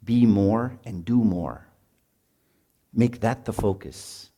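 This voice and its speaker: Slow and mellow, his voice on the low side, a middle-aged marriage retreat speaker delivers a casual sermon to parents. "Right?" comes up often, and he acts out scenes of parents and their children.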